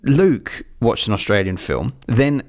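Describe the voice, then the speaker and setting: A man's voice: medium pitch, sing-song, a little slow, creaky, a little mellow. A man in his thirties co-hosting a casual film podcast, rambling and swearing freely. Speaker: podcast co-host.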